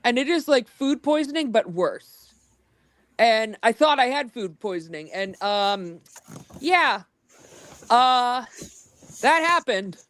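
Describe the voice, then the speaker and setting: A woman's voice: on the high side, expressive, slow, long pauses, a bit bright, dry recording. Dry-humored young woman, close mic. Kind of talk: casual chat.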